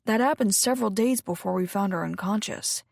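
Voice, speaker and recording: A woman voicing an excitable, anxious young man who gushes at his best friend, in an audiobook. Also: fairly quick, gravelly, no room sound, clean studio sound. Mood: earnest. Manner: high-pitched and gushing.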